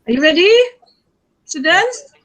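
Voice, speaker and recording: A woman's voice: high voice, very animated, a little slow, sharp tone, rough recording. A woman with an Indonesian accent, a teacher moderating an online student competition in English.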